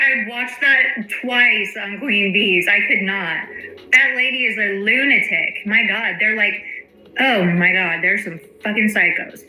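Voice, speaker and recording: Woman, casual livestream host, sharp bright voice, echoey room, faint music behind. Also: mid-range voice, measured pace. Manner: chatty, greets viewers by name, swears freely.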